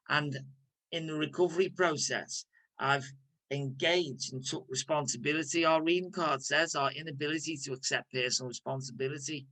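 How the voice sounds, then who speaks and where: Bright-voiced Liverpool man leading a workshop. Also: on the high side, moderate pace, rough recording. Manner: candid, conversational, with restarts. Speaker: workshop leader. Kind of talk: recovery workshop talk.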